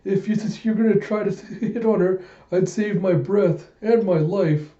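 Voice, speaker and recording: A man's voice: measured pace, dark tone. A man voicing a nervous, stammering male sidekick. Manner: stammering, high and drawn out. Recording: echoey room, dull lo-fi sound.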